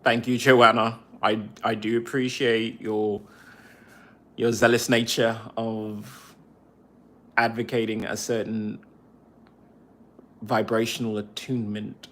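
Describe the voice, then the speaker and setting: A man, a veteran podcaster, talking on a cell phone in a casual livestream monologue, halting and repeating phrases as he vents. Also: on the low side, little pitch movement, a bit bright, slight background noise.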